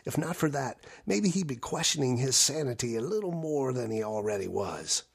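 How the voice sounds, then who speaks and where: Man, horror story narrator, gravelly tone, husky, measured delivery. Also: mid-range voice, lively intonation.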